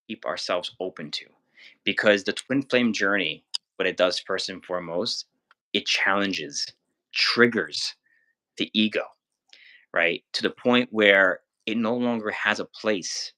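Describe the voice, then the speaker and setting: A man's voice: lowish voice, a little slow, sharp tone. A man co-hosting a podcast who talks reflectively about spiritual growth, often repeating words and asking "right?". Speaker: podcast co-host. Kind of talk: spiritual discussion.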